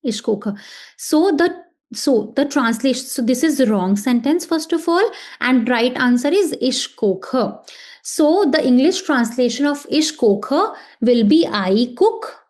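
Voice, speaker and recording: A woman's voice: high voice, animated, takes it slowly, a little mellow. A woman teaching a language lesson, explaining patiently and checking in often with "okay". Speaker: German teacher.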